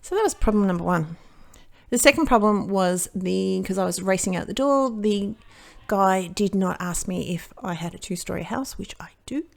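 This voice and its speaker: An Australian woman talks through a crafting vlog in a rambling, chatty way, often breaking off and circling back in her story. Her voice sits at an ordinary pitch for a woman and carries a gravelly, fried edge. She sounds relaxed and conversational. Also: normal speed. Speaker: card-making crafter.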